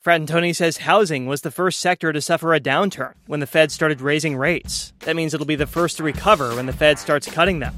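A man radio reporter narrating a scripted economics news story in a measured way. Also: a little high, steady tone, a bit bright, dry recording.

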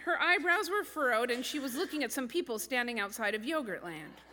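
A woman tells a comic tale from her own life, her voice pitched high and bouncing through a wide range. She is wry and self-mocking, and the sound rings out in a reverberant hall with a clear hum of background noise. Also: expressive, brisk, bright, forceful tone. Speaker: storyteller. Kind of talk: live comic personal storytelling.

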